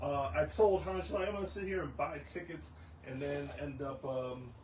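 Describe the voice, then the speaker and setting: A man's voice: fairly high pitch, normal speed, darkish tone, slight background noise. A man hosting a casual sports talk show, rambling along with lots of ums and restarts. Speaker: host.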